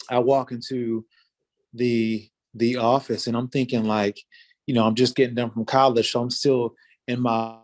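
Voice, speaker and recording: Rambling, easygoing man telling a story. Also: medium pitch. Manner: loose, rambling, many fillers and restarts. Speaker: interview guest, former fighter. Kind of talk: casual storytelling.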